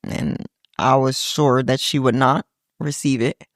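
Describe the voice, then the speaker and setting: A woman's voice: extremely low pitch, steady tone, a little slow, dry recording, studio quality. A middle-aged woman hosting a podcast, reflectively telling a personal story and quoting her family in little voices. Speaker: podcast host.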